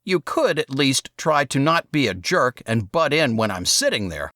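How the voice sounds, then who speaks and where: A man voicing an angry, defiant young man in an audiobook, snapping back in heated, sharp retorts. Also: medium pitch, very animated, normal speed, dry recording, clean studio sound, pitched above the performer's own voice.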